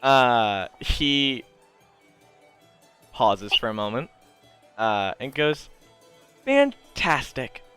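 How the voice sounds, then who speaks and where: A man narrating as game master for a tabletop role-playing game, relaxed and full of fillers. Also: mid-range voice, very slow, long pauses, clear, resonant tone, soft background music. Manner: relaxed, many fillers, chuckling.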